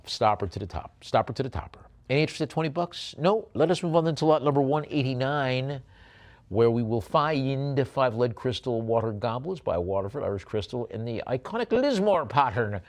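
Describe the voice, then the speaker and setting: A male auctioneer with a lowish, slightly mellow voice calls bids at a live auction. He alternates between brisk bid calls and rambling, halting asides about the items.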